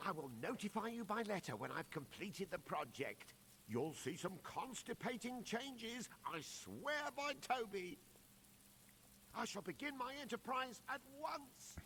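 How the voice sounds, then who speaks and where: A man's voice: high voice, very animated, a little slow, fairly bright tone, a little hiss or hum, exaggerated voice. An actor playing a grandiose male swindler who speaks floridly and mangles big words. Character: pompous male con-man entrepreneur, grandiose.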